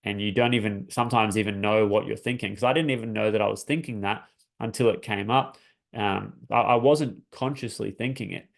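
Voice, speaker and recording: A man's voice: fairly low pitch, vocal fry. A man coaching his listeners, telling a personal story in an earnest, searching way, often restarting his phrases. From Australia. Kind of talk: reflective personal talk.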